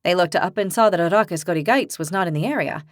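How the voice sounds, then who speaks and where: A woman narrating a fantasy audiobook in clear, even storytelling. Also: lowish voice, fast talker, no echo, clean studio sound. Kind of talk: scripted narration.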